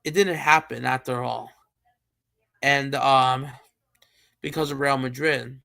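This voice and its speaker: Gravelly-voiced man chatting football. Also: mid-range voice, steady tone, slow pace, bright, forceful tone. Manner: rambling, thinks aloud with many fillers and restarts. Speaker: streamer host. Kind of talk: casual football chat.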